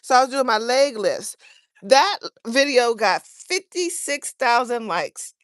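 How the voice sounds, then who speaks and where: A woman's voice: fairly high pitch, expressive, slow pace, a bit bright, dry recording, studio quality. A woman chatting casually on a livestream, rambling and earnest as she talks to viewers from her garden outdoors. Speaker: livestream host.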